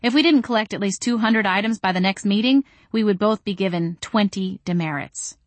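A woman narrating a first-person audiobook with a wry, deadpan delivery. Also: medium pitch, brisk, dry recording.

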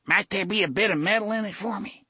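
A man's voice: high voice, fast talker, sharp tone, breathy edge, no room sound, pitched above the performer's own voice, full character voice. A man voicing a drunken, beaten old barfly who whines and cackles as he begs for a drink. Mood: greedy. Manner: cackling, whining, pleading.

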